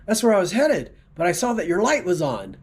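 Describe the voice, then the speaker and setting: A man doing a high whiny moth-man patient. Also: wildly swooping pitch, fairly quick, breathy edge, exaggerated voice. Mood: pleading. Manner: pleading, whiny. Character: anxious man who thinks he's a moth.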